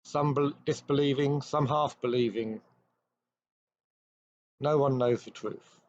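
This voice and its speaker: A man hosting a show, retelling an old ghost story with measured pacing and dramatic pauses. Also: mid-range voice, fairly even intonation, a little mellow, slight background noise. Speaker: host. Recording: dry, slightly dull recording.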